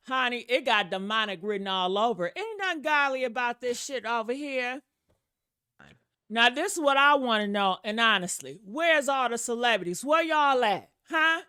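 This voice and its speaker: A woman hosting a gossip vlog, talking to her viewers in a sassy, animated, chatty way. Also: on the high side, clear, resonant tone, no echo, studio quality. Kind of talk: casual commentary.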